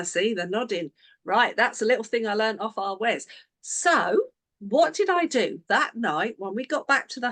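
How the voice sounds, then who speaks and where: A woman coaching a business team, telling a story and acting out the dialogue of everyone in it. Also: medium pitch. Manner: animated, acts out quoted dialogue in the story.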